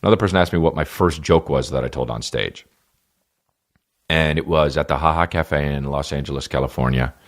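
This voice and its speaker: A New Jersey man in his thirties, with an extremely low voice and a slightly fast pace, hosts a comedy podcast. His monologue is rambling, profane and laid-back.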